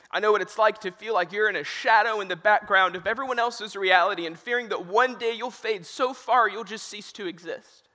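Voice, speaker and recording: A man's voice: sits high, pushed and bright. A young man who is a youth minister giving a sermon, telling stories earnestly with touches of humor. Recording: reverberant hall.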